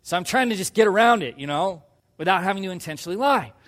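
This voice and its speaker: A man preaching a sermon, telling a personal story and acting out quoted lines in a hushed voice before pushing to loud emphasis. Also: high voice, animated, fast, long reverb tail. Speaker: pastor.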